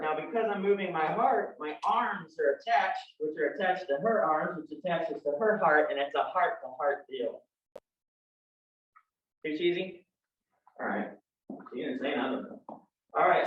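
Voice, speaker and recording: A man's voice: high-pitched, a bit bright. A man with a Texan accent teaching a live dance class, joking and telling folksy stories as he instructs. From Texas. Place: dance studio. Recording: roomy, distant, dull sound.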